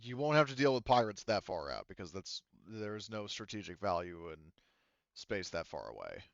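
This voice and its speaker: A man's voice: fairly low pitch, very animated, moderate pace, gravelly, no room sound. A man running a tabletop game as game master, explaining things in a rambling way with many fillers. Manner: rambling, lots of fillers and restarts. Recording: dull lo-fi online call audio.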